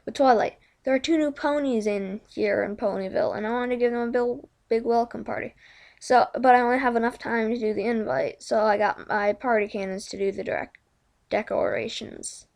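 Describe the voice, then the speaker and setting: A woman's voice: on the high side, fairly even intonation, brisk, gravelly, a little mellow. A woman reading aloud and voicing a cheerful, bubbly female pony party planner who rambles along.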